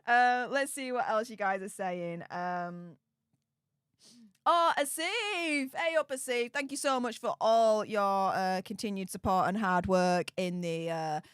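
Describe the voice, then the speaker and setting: A woman, reading and reacting to live chat, chatty and exclamatory, quick to laugh. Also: medium pitch, a bit bright, smooth, no room sound, studio quality. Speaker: livestream commentator.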